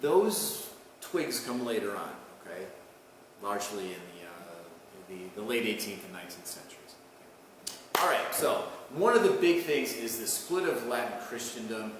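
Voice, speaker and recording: A man with a fairly low voice gives a casual history lecture to students, often adding "okay?" and restarting his phrases. He sounds far from the mic in a very echoey room with a long reverb. A clear layer of background noise runs under his voice. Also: lively intonation, normal speed. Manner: conversational, asks "okay?" and "right?" often, with restarts. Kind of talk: recorded college lecture.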